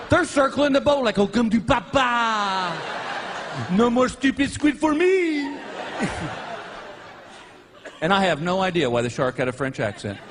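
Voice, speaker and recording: A middle-aged man performing stand-up comedy on stage, telling a story and acting out characters with shouted, high yelps. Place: comedy stage before a live audience. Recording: live show with crowd laughter and noise.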